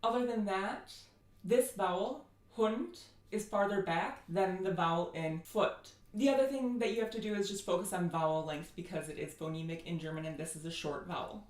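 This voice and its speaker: A woman's voice: medium pitch, moderate pace, darkish tone, echoey room. An American woman giving a phonetics lecture, listing sound features and demonstrating each one. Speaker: linguistics teacher.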